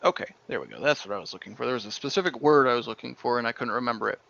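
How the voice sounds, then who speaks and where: A man acts as dungeon master for a tabletop game, narrating unhurriedly and at times groping for words. His mid-range voice is slightly bright with vocal fry, and the audio quality is dull.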